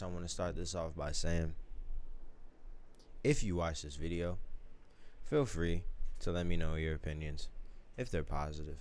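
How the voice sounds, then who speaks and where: Deep voiced young guy streaming late at night from his studio, loose and rambly, cussing and joking with chat. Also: a little mellow, a little hiss or hum. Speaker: streamer and musician. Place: home recording studio.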